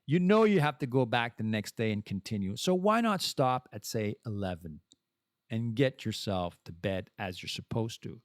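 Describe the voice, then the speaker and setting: Male podcast host, solo chat, animated pitch, dry close sound, rambles and restarts. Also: normal speed, no echo. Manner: rambling, self-interrupting, playful asides. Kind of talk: casual solo podcast monologue.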